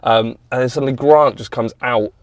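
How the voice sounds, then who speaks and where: An enthusiastic man with a middle-pitched voice tells animated stories as a podcast guest. His delivery is casual and quick to act out voices. The sound is dry and close. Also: dry recording. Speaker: guest, automotive content creator. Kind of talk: casual podcast chat, storytelling.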